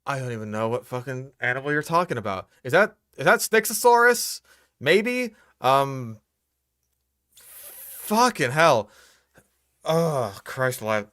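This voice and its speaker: A man's voice: mid-range voice, sing-song, unhurried, long pauses, sharp tone, no room sound, clean studio sound. A young man hosting a reaction commentary, exasperated and profane, picking apart what he hears. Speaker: host reacting to a video.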